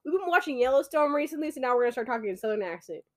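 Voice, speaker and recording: Fast-talking frank young woman. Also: high voice, animated. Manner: frank, blunt, fast and chatty. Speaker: podcast co-host. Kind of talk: casual chat.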